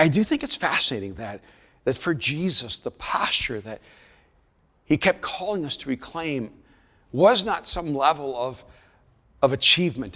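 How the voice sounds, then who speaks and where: A man preaching a sermon, moving from quiet storytelling to raised, emphatic delivery. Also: mid-range voice, long reverb tail. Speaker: pastor.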